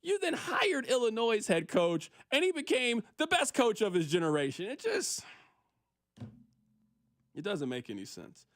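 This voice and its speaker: A man hosting a sports radio show, talking in an animated, mock-exasperated way and often repeating himself. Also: very high voice, unhurried, no echo, studio quality.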